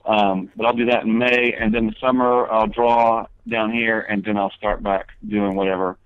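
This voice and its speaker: A man's voice: fairly low pitch, little pitch movement, normal speed, slight background noise. A man talking as a guest comedian in a casual interview, telling long rambling stories with many fillers and restarts. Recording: tinny phone line.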